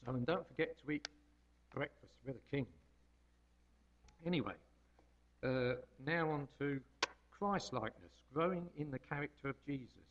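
A man's voice: fairly high pitch, normal speed, pauses often, highs cut off, a little hiss or hum. A man giving an informal devotional talk as a lay preacher, homely and rambling, hesitating with frequent ums.

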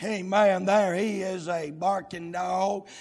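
A man preaches at full cry, his high voice ringing off the walls of a large sanctuary with a long, trailing echo. He chants in drawn-out shouted bursts, gasping "uh" between each phrase. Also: steady tone. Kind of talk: shouted revival sermon. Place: church sanctuary.

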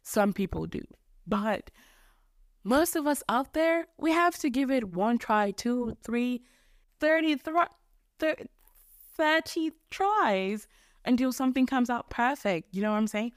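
A young Mozambican woman hosts a solo podcast from her bedroom, ranting casually in a rambling, self-deprecating way and swearing now and then. Her voice sits on the high side with lively intonation and a measured pace, and the studio-quality recording is dry.

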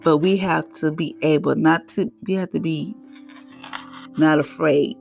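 A middle-aged woman hosting her own podcast, giving an emphatic, faith-based motivational talk with animated, preachy delivery. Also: low-pitched, a little slow, creaky, soft background music. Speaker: podcast host.

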